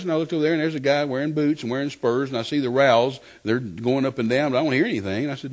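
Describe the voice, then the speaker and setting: Rich: An older man tells a story from the pulpit in a testimony sermon. He talks in a lively, repetitive storytelling way and acts out the voices of the people he quotes, at a mid-range male pitch. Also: rapid-fire, hardly any pauses. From West Texas. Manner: animated storytelling, repeats phrases, acts out quotes. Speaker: preacher giving a testimony.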